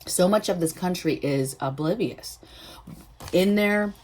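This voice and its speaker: Low-voiced woman vlogging about prepping. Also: unhurried. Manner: animated, chatty, emphatic rhetorical asides. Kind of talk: casual storytelling to camera.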